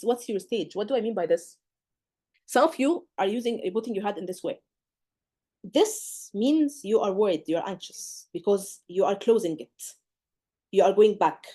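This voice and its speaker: A woman tutor with a slightly high, warm voice gives a live lecture to exam candidates. She coaches in an emphatic, direct way and often checks in with the class.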